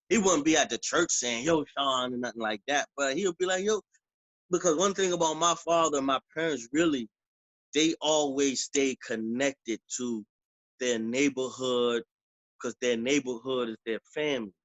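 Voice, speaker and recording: A man, an author and preacher, talking casually in an interview, with relaxed slang and frequent "you know what I'm saying". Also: mid-range voice, no room sound, low-quality recording.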